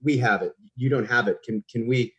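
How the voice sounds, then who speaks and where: A man voicing a pushy male film crew member who talks in a hurried, insistent way. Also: medium pitch, fairly bright tone, husky, lo-fi sound.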